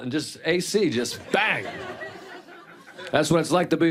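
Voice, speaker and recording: A man's voice: on the high side, expressive, moderate pace, pauses often, crowd noise, noisy background. A man in his thirties doing a wry, conversational stand-up set, acting out his own lines. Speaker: stand-up comedian. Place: comedy club stage. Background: audience laughing.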